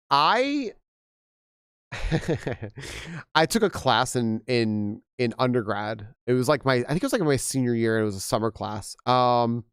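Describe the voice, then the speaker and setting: A young man chatting casually on a game stream, rambling and animated with frequent restarts, slightly hoarse from losing his voice. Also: mid-range voice, no room sound, studio quality. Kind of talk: casual live-stream chat.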